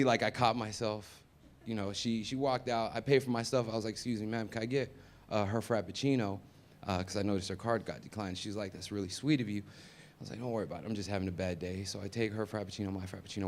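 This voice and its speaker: Man telling stand-up stories on stage. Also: mid-range voice. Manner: conversational, swings from mumbled asides to loud punchlines. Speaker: stand-up comedian. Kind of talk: stand-up comedy set. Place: comedy venue with live audience.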